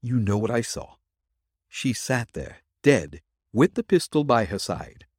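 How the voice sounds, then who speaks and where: A man's voice: mid-range voice, very animated, a little slow, darkish tone, slightly rough, no echo, clean studio sound. A man voicing a frightened male witness confessing his story in an audiobook. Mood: confessional.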